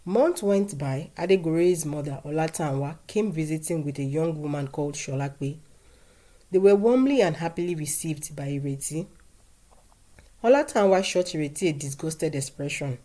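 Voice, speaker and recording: Woman storyteller, low and mellow, measured narration. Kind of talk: scripted narration.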